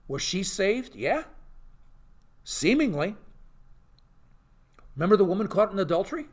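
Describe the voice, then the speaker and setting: A man's voice: high-pitched, a little slow, long pauses. A man, a pastor, teaching an informal Bible study to a live group, often asking rhetorical questions. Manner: animated, peppers talk with rhetorical questions and "okay?".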